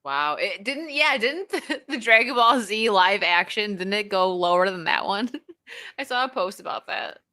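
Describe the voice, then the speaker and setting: A woman's voice: medium pitch, animated, normal speed, pushed and bright, no room sound. A woman hosting a casual livestream chat, reading out viewer donations and often breaking into giggles. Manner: giggly, reads viewer messages aloud.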